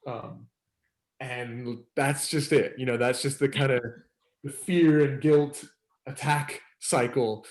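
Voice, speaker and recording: A man facilitating a circling group, talking in a relaxed, rambling way with many fillers and laughs. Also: medium pitch, slow pace, echoey room. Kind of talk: casual teaching talk.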